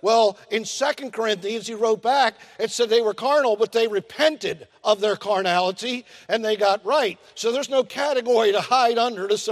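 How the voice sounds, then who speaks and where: Older male pastor, high-pitched, folksy sermon delivery, long church reverb. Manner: folksy preaching with drawn-out emphasis and acted-out asides.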